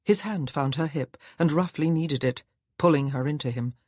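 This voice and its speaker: A man narrating a historical romance audiobook in a measured, even storytelling manner. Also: a little high, no room sound, studio quality. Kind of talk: scripted narration.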